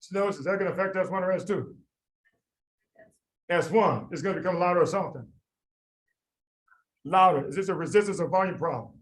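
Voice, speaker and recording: A man tutoring medical students in a lively class, quizzing them by name and repeating the key points. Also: high voice, fairly quick, long pauses, low-quality recording. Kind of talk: lively classroom teaching with drills.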